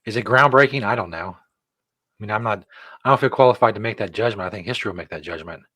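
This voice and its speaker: Low-voiced man joking dry as a host. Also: quick pace, pushed and bright, husky, no echo. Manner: dry joking, chuckles often. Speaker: show host. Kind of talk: casual chat.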